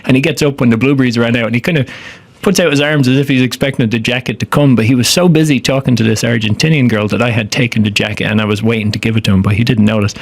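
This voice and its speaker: A man's voice: mid-range voice, fairly even intonation, creaky, dry recording. An Irish man from Ireland, chatting casually as a guest and telling anecdotes with acted-out quotes. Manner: rapid storytelling with acted-out quotes. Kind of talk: casual chat.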